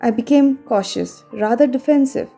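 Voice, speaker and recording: A woman narrating a scripted story in a measured, calm and careful voice. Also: a little high, vocal fry. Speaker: voice-over narrator. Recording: faint music behind the voice.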